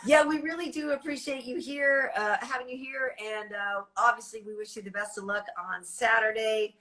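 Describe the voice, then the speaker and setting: Bright high-voiced female host. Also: fairly even intonation, moderate pace. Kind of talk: casual chat.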